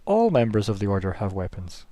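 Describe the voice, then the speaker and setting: A man voicing a tall adult male paladin clerk who is calm, patient and dryly kind in a tabletop game. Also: lowish voice, brisk, no echo. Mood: calm, wry.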